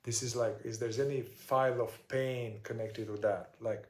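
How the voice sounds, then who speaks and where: Man teaching slowly in an echoey room. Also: medium pitch, steady tone, a little mellow. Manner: unhurried, searching for words with many fillers. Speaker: somatic shadow work teacher. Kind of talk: explaining a therapy process step by step.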